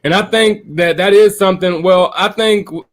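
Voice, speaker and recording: A man in his forties speaking as a panelist, telling a story in a halting way full of fillers. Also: high voice. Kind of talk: casual panel discussion.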